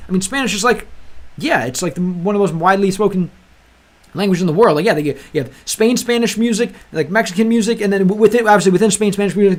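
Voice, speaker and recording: A young man hosting a language-learning livestream, chatting casually with viewers and rambling with lots of restarts. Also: sits high. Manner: rambling, restarts often, calls viewers bro. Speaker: livestream host. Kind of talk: casual chat with live chat.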